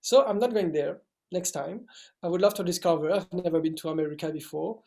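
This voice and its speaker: A young man in his twenties from France, speaking English with a French accent in a halting interview style with many restarts. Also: high voice, gravelly, darkish tone. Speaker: actor guest. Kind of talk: casual interview talk.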